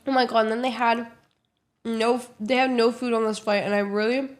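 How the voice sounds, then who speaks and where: A young woman streamer telling a casual story to her chat, animated and swearing a lot. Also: a little high, fairly quick. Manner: animated, swears a lot, acts out loud kids.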